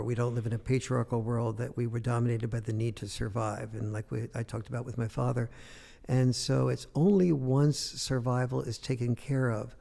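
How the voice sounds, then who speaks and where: Older man, very gravelly voice, dark mellow tone, rambling storyteller, long echo. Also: medium pitch. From United States. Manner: rambling anecdotal storytelling with many fillers. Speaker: guest author. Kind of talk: storytelling in an interview.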